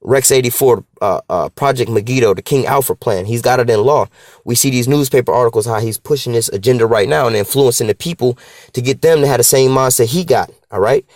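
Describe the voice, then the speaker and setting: Fast-talking man teaching scripture. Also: medium pitch, darkish tone, no room sound, clean studio sound. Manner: slangy and conversational, reads scripture slowly. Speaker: Bible teacher. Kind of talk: casual street-slang Bible teaching.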